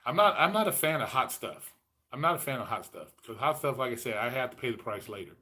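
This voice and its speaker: A man in his late forties with a mid-range voice hosts a loose livestream chat. He swears freely and rambles through food stories. He gets more animated when he mimics his past self. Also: medium pitch, fast talker. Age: 40s. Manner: profane, rambling storyteller. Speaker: host.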